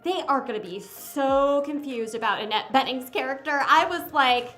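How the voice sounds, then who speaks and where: Bright, high-voiced animated woman reviewer. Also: faint music behind. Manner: animated and exclamatory, breaks into quick impressions; chatty, addresses viewers directly. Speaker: movie reviewer. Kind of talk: casual movie review to camera.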